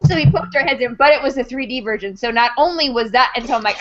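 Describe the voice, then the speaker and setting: A woman's voice: high-pitched, lively intonation, fast, slight background noise. A woman co-hosting a podcast, chatting casually and animatedly and acting out reactions in quoted voices. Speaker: podcast co-host. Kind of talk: casual chat. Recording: dull lo-fi podcast audio.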